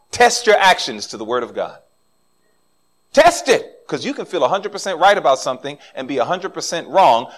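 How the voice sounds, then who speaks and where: A middle-aged male pastor preaching with a lively voice that swings up and down. His voice sits a little high for a man. He acts out the voices of the people he quotes as he talks to the congregation. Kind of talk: sermon.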